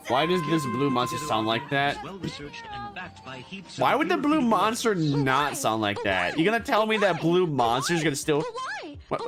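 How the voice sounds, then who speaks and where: A playful VTuber streamer who reads game lines out loud and keeps cutting in with quick jokes. The voice rises and falls a lot. Faint music plays in the background. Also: mid-range voice. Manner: playful, jokey, quick asides. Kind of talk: reading game dialogue aloud with joking asides.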